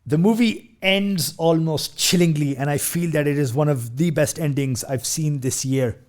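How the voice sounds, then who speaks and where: A man's voice: a little high, normal speed. A man hosting a casual film review who retells scenes at length, with frequent fillers, restarts and quoted lines from the characters.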